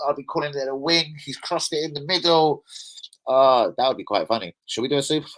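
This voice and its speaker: A man's voice: mid-range voice, brisk, fairly bright tone, low-quality recording. A man hosting a casual football live stream, chatting in slangy banter with his viewers.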